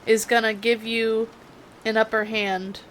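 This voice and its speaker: Her voice sits on the high side, level and fairly bright, a little slow, as this young tarot reader chats casually through a reading. Her Californian accent drifts into a southern drawl and she pokes fun at herself, while the poor audio carries some hiss or hum.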